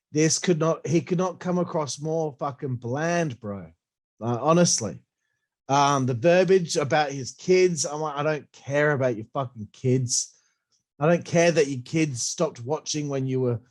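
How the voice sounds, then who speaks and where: A man with a runny nose giving a blunt, profane, ranting review of a wrestling show. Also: on the high side. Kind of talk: casual opinionated review.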